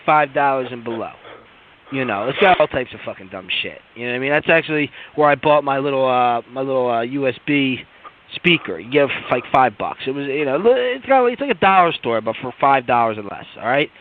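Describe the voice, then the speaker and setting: A man's voice: mid-range voice, lively intonation, brisk, a little hiss or hum. A man telling a long, profane, rambling story on a podcast, full of fillers and restarts. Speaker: podcast co-host. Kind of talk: casual storytelling rant. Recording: tinny phone-like line.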